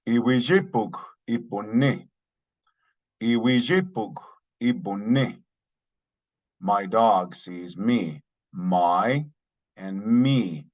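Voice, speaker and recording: Slow, low-voiced man teaching a language. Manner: careful, repeats each phrase slowly then explains it. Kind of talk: slow spoken language lesson. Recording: dull lo-fi sound.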